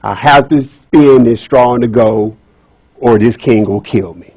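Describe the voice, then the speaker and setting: A man's voice: mid-range voice, measured pace, a little mellow, husky, no room sound, pitched below the performer's own voice. A scared poor young woman pleading, told by a man in his own voice. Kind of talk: storytelling speech.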